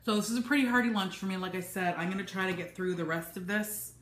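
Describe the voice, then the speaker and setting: Speaking fast in a mid-range voice, a woman chats casually in her food vlog from a home office, full of ums and restarts. The echoey recording is very noisy.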